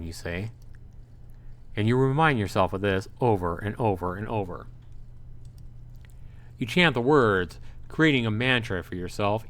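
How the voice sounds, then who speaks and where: A man's voice: on the low side, a bit bright. A man streaming a visual novel, reading the narration aloud with frequent fillers and self-corrections. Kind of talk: let's-play narration.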